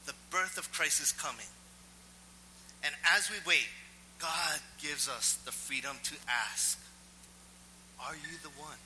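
A male pastor preaching a sermon, telling a personal story in an animated, self-mocking way. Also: fairly high pitch, a little slow, big-room sound, slight background noise, poor audio.

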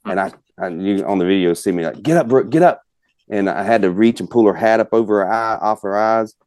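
A man's voice: fairly low pitch, steady tone, quick pace, darkish tone, no room sound. A man spins a long, folksy hunting story. He rambles and fills with "you know", and the sound is close and dry. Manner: folksy, rambling, many fillers. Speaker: guest hunter. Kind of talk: casual storytelling.

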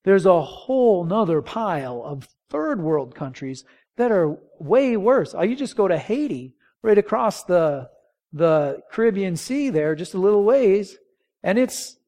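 A man's voice: high voice, very animated, slow, mellow. A man preaching a sermon, conversational, asking the congregation rhetorical questions and drawing call-and-response. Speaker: pastor.

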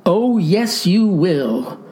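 A woman voicing a genial, folksy adult male president, her pitch raised a little for the quotes. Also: sing-song, very slow, warm tone, exaggerated voice.

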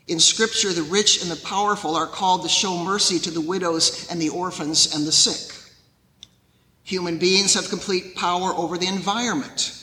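A man preaching a sermon as pastor, in a measured storytelling way. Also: on the high side, pushed and bright, roomy sound, long reverb tail, rough recording.

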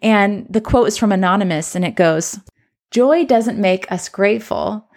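A woman's voice: mid-range voice, unhurried, darkish tone. A woman, a former teacher now working as a coach, telling a personal story in an earnest, reflective way. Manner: earnest, reflective, re-enacts children's voices.

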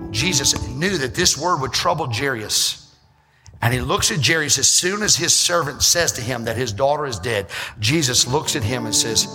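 A male pastor preaching a sermon, acting out church members and rising into shouts. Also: mid-range voice, expressive. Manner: acts out church members in quick asides. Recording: reverberant hall with music behind.

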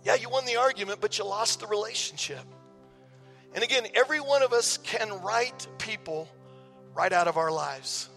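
A man's voice: high-pitched, normal speed, creaky, pushed and bright, long reverb tail, faint music behind. A male pastor preaching a sermon in a conversational, emphatic way, often repeating words as he goes. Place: church sanctuary.

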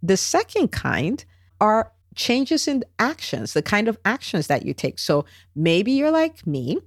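A woman hosting a solo podcast, coaching in an animated, chatty way and checking in with "right?" and "okay?". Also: mid-range voice, measured pace, dry recording, clean studio sound. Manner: animated, acts out quoted voices, tag questions. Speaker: podcast host, business coach.

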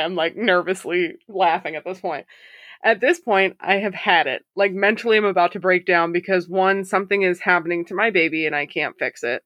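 A woman's voice: on the low side, normal speed, fairly bright tone, dry recording, studio quality. A woman hosting a podcast, reading listener stories aloud in a casual way, swearing freely and laughing often. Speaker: podcast host.

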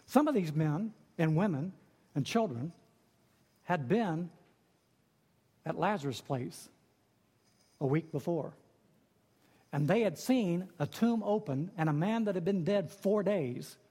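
A man delivers a sermon as a pastor, swinging from low, quiet lines up to high, ringing emphatic cries. His voice sits a little high and carries a slight husk. Long reverb trails behind him as in a large hall. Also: unhurried, pauses often, breathy edge.

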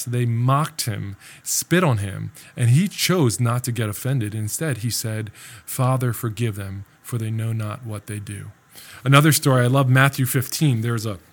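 A man preaching with an easy, conversational delivery, often stopping to check in with his listeners by asking "right?". His voice sits in a middling pitch. He moves from teaching into quick acted-out lines, raising his voice to play other people. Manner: conversational, tags sentences with "right?"; acts out quoted voices in a higher pitch. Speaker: pastor. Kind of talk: sermon.

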